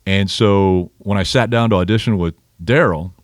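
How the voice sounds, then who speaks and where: A man's voice: on the low side, moderate pace, no room sound, studio quality. A man in his fifties from Nebraska, a motorsport commentator telling stories in a casual interview, acting out quotes as he goes. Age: 50s. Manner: animated storyteller acting out quotes. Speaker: motorsport commentator, podcast guest.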